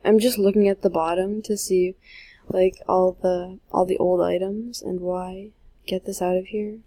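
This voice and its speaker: Slow, breathy female gaming vlogger. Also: lowish voice, steady tone, warm tone, dry recording, poor audio. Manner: rambling and self-mocking, trailing off; talking while typing and playing. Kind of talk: casual gameplay commentary. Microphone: handheld microphone.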